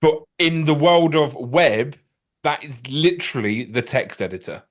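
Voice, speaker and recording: A man co-hosting a podcast, chatting in a relaxed way and explaining things. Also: a little high, a little slow. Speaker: podcast co-host. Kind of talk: casual podcast banter.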